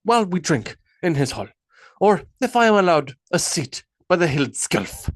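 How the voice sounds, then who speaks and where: A man's voice: a little high, sing-song, normal speed, dry recording, studio quality, voice pushed up. A man reading an audiobook, voicing a thoughtful young Viking warrior who muses earnestly about fate. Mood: musing. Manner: earnest, musing.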